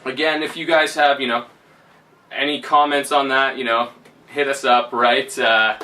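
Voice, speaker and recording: Rambling, bright-voiced man. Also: mid-range voice, level tone, unhurried, recorded from a distance. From Canada. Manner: rambling, laughing, full of fillers. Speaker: vlogger. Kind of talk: casual storytelling.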